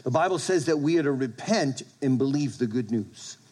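A man's voice: medium pitch, expressive, normal speed, a little mellow. A male pastor preaching a sermon to his congregation, emphatic, repeating phrases and restarting with stammers. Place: church service with congregation.

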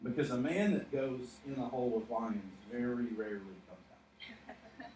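A man's voice: mid-range voice, big pitch swings, normal speed, a little mellow, recorded from a distance. A man preaching a sermon, who tells the story and builds to emphatic points with laughing asides. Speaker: pastor. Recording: echoey hall, off-mic, faint noise.

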